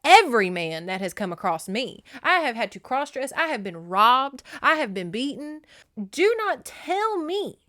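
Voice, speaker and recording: A woman voicing a young Southern woman, defiant and shouting. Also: mid-range voice, normal speed, no echo, studio quality, close to an everyday voice. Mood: furious. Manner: shouting, indignant.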